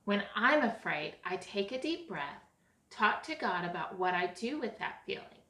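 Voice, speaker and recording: Woman playing a calm storybook teacher, gentle and clear, echoey room. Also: mid-range voice, unhurried. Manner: calm, explanatory. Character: patient kind schoolteacher woman.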